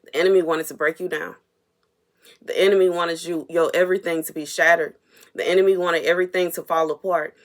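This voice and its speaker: A woman's voice: fairly low pitch, steady tone, a little fast. A woman delivering an unscripted prophetic message to her viewers, earnest and repetitive, at times emotionally stirred. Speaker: prophetic minister.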